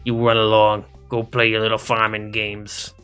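A game streamer voicing a gruff, tough older woman in a low, blunt voice. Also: monotone, moderate pace, a bit bright, faint music behind, close to an everyday voice. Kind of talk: let's play voicing game characters.

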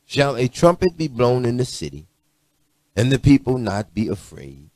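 A middle-aged man preaching a sermon, swinging from loud emphatic lines to low muttered asides. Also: big pitch swings, normal speed, no echo. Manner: preachy, rising to shouts and dropping to low asides.

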